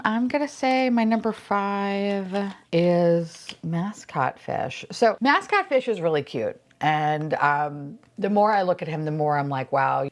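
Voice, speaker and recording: A chatty woman unboxing toys, her voice swinging widely up and down as she gushes over each one. She swears freely and often drops into soft whispers when something delights her. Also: on the low side. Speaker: unboxing vlogger. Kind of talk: casual unboxing chat.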